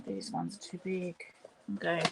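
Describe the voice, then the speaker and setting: A woman's voice: lowish voice, completely flat delivery, moderate pace, gravelly, heavy background noise. A woman hosting a papercraft livestream, muttering to herself as she works and chatting with viewers. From Australia. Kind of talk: casual crafting livestream chat.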